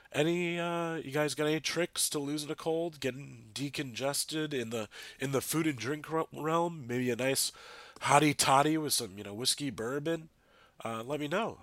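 A man hosting a podcast in casual chat, his voice congested and lowered from a cold, rambling with fillers and restarts. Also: a bit bright, no room sound. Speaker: podcast host.

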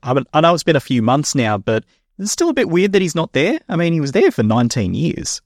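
A man's voice: a little high, sing-song, fast, no echo, studio quality. A man, a motorsport interviewer asking chatty, jokey questions. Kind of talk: conversational interview.

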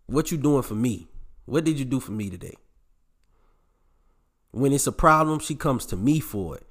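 A man's voice: mid-range voice, expressive, normal speed, pauses often. Blunt, preachy male podcast host. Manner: blunt, preachy, swears and gets raw; talks straight to his male listeners. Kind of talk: casual podcast monologue.

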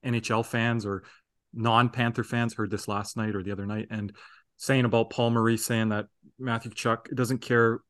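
A man's voice: medium pitch, flat delivery, normal speed, fairly bright tone. A man co-hosting a fan podcast in casual sports chat, talking in a rambling, earnest way. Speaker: podcast co-host.

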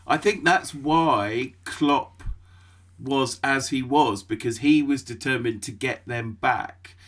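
A man's voice: mid-range voice, takes it slowly, a bit bright. A man co-hosting a casual football chat, laying out his theories in a musing way.

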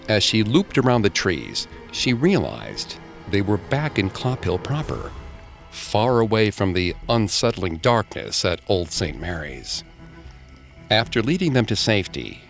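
Male narrator, low register, animated intonation, scripted ghost-story read. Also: vocal fry.

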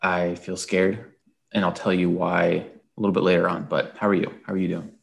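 Gravelly low-voiced man, tired and chatty. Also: little pitch movement, a little fast. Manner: chatty, rambling, with frequent "um"s and restarts. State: tired, early-morning voice. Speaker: podcast co-host. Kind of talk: casual sports podcast chat.

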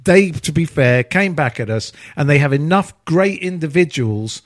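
A man's voice: a little high, lively intonation, moderate pace, no room sound, clean studio sound. A man hosting a casual football podcast, rambling and teasing his co-hosts. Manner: rambling, self-correcting, teasing. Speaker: podcast host.

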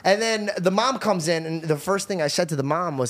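A young man hosts a casual podcast, recounting a story with an animated delivery. He sits a little high in pitch and slips into mimicry for each person he quotes, swearing now and then as he goes. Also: fairly quick. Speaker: podcast host.

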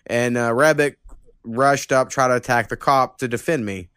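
A man's voice: mid-range voice, normal speed, a bit bright, smooth, no room sound, studio quality. A young man hosting a podcast, telling rambling stories in casual chat, swearing a lot and laughing as he goes. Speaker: podcast host.

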